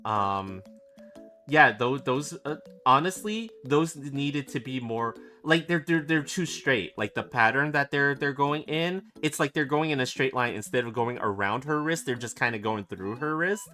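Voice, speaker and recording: A man's voice: medium pitch, lively intonation, measured pace, sharp tone. A man streaming casually, laughing often and teasing, stumbling over his words. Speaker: streamer and illustrator. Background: background music.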